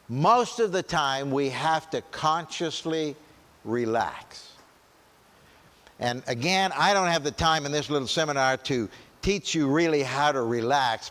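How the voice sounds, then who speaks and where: A man's voice: medium pitch, a bit bright. A man giving a conversational church seminar talk at a camp meeting, often checking in with "right?" and restarting his sentences. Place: large meeting hall. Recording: long hall reverb.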